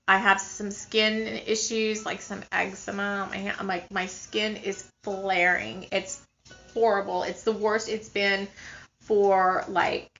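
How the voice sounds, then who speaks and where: A woman's voice: medium pitch, a bit bright, muffled recording. A woman, a spiritual teacher, talking earnestly and rambling a little with many fillers on her podcast.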